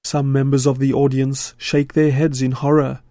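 A man reporting a radio news feature in a measured, scripted voice-over from a studio. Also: medium pitch, dry recording. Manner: measured, steady delivery.

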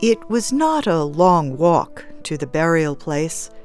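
Slow, low-voiced woman reading a story. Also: sing-song, music in the background. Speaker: audiobook narrator.

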